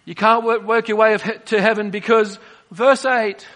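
A man preaching a sermon, swinging between soft, drawn-out phrases and emphatic bursts. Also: high-pitched, steady tone.

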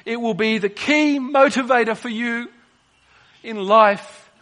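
A man preaching a sermon, swinging between soft, drawn-out phrases and emphatic bursts. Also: very high voice.

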